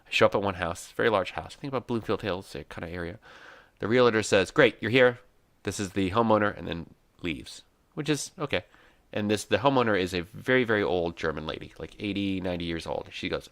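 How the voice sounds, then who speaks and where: A man on a casual podcast, telling animated stories with frequent laughs and casual swearing. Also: fairly low pitch, fairly quick, no room sound. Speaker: podcast guest or host.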